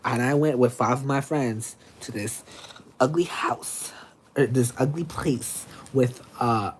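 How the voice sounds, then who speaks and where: A livestream host telling a story in an animated, dramatic way, with sudden squeaky high exclamations. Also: male voice, slight background noise. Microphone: streaming setup.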